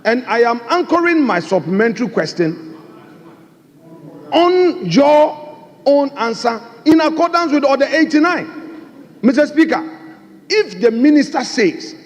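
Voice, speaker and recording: A man's voice: extremely high pitch, lively intonation, unhurried, long pauses. A man, the minority leader, pressing his case in a parliamentary debate and repeating his points insistently. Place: large parliament chamber. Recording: chamber mic with long hall reverb.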